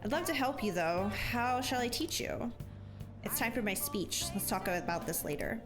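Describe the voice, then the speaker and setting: A woman's voice: medium pitch, lively intonation, normal speed. A young adult woman streaming a game, chatting casually and self-deprecating, swearing now and then. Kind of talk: casual live gameplay commentary. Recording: game music behind her voice.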